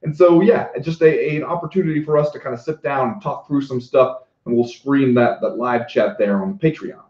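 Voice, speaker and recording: A man's voice: medium pitch, a little fast, a little mellow. A man co-hosting a podcast, chatting casually with enthusiasm and wry self-deprecating asides. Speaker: podcast co-host. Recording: roomy, dull lo-fi sound.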